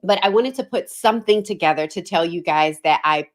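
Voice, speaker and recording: A woman's voice: on the low side, fairly quick. A woman hosting a live talk show, chatting casually and emotionally, often laughing as she thanks her audience. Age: adult with three children. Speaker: show host.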